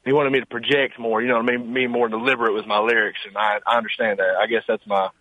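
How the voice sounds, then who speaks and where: A man's voice: mid-range voice, little pitch movement, a bit bright, dry recording. Shy young man on a phone line. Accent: Southern Appalachian. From Eastern Kentucky mountains. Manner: humble, halting, says "man" often. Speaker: caller, singer guest. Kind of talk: casual phone interview.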